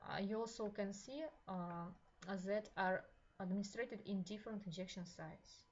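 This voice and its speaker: A woman with a Russian accent giving a university lecture in slow, halting speech, with many fillers and repeated phrases. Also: medium pitch, steady tone, darkish tone, lo-fi sound, a little hiss or hum.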